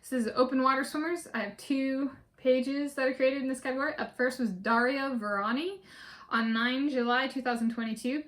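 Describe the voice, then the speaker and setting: A woman's voice: sits high, fairly even intonation, moderate pace, a bit bright. A woman vlogger talking casually and methodically through a list, with many fillers and restarts. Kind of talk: casual spoken list walkthrough.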